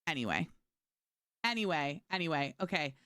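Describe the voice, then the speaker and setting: A woman's voice: low-pitched, animated, normal speed, fairly bright tone, no echo, clean studio sound. A woman from New York streaming a game, reading chat aloud and answering it in a chatty, sarcastic way. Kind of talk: casual chat with stream chat while gaming.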